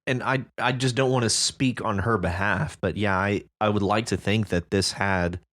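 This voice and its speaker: A man co-hosting a podcast, talking through a story in a thoughtful, measured way. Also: fairly low pitch, fairly even intonation, a bit bright. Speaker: podcast co-host. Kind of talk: casual discussion of a story.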